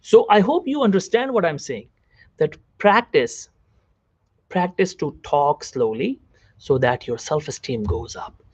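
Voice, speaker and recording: A doctor's seated, direct-to-camera self-help lecture on psychology features repeated phrases and questions for the viewer. His voice is on the high side with a breathy edge, animated and measured in pace. The recording is dry, with the highs cut off.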